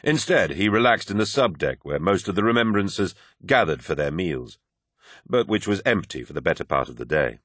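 A man narrating a novel in an expressive storytelling manner. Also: low voice, moderate pace, no room sound, clean studio sound. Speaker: audiobook narrator. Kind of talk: scripted narration.

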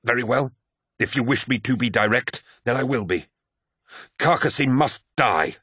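A man doing a cold warrior plotter who speaks in a slow, deliberate, menacing way, raised above the narrator's own pitch. The voice is husky and the audiobook sound is dry and close. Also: lively intonation, fairly bright tone, dry recording. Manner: measured, menacing. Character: scheming, cold male warrior conspirator. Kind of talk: audiobook character voice.

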